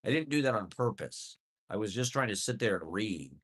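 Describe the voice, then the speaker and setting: A man's voice: fairly low pitch, animated, a little fast, fairly bright tone. A man rambling through a profane, self-deprecating comedic monologue with sardonic chuckles. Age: adult.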